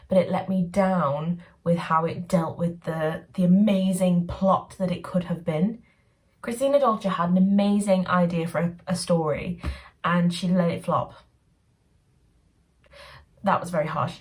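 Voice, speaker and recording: Chatty, sardonic woman, low voice. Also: distant mic. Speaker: BookTuber reviewing books. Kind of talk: casual book review vlog.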